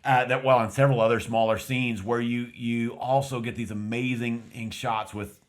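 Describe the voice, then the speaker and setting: A man's voice: mid-range voice, steady tone, normal speed. A man from West Texas with a light West Texas accent, co-hosting a casual film review and rambling through his thoughts with many restarts. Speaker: podcast co-host.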